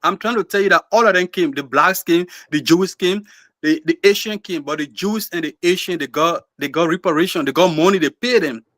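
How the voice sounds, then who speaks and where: Emphatic Liberian man, bright and forceful. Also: high voice, brisk, no echo. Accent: Liberian English. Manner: emphatic, repeats words when building a point. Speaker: panelist. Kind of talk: heated talk-show discussion.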